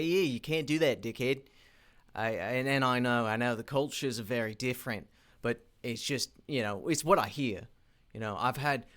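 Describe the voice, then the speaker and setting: A man's voice: mid-range voice, sharp tone. A man recording a casual work vlog, thinking aloud as he animates, rambling with frequent restarts and fillers. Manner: thinking aloud while working. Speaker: independent animation creator.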